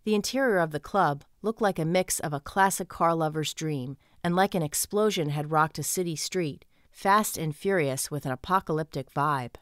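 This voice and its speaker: A woman with a low voice reads an audiobook in first person, with even, steady storytelling. The sound is dry and close. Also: normal speed, few pauses, no room sound. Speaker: audiobook narrator. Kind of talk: scripted first-person narration.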